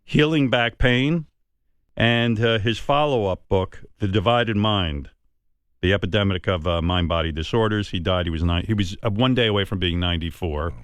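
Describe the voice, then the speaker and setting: Man hosting a radio talk show, low voice, earnest, rambling restarts, dry studio sound. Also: normal speed, clean tone, no room sound.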